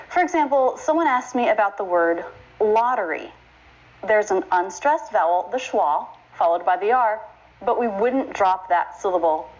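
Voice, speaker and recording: A woman teaching pronunciation, saying each word slowly and carefully and repeating it for the listener to copy. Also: medium pitch. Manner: slow, careful modeling of words, repeats each one. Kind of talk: English pronunciation lesson. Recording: slightly dull recording with faint noise.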